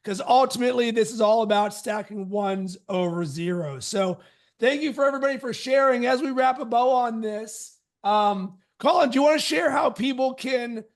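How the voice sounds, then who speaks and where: A man hosting a live online coaching workshop, energetic and emphatic, with punchy catchphrases, heard over a video call. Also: extremely high pitch, normal speed.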